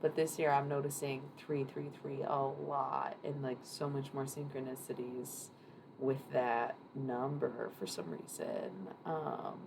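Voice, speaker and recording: Deep-voiced woman, chatty tarot streamer. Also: measured pace, vocal fry. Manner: rambling, chatty, swears casually. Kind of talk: casual live-stream card reading. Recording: noisy room ambience.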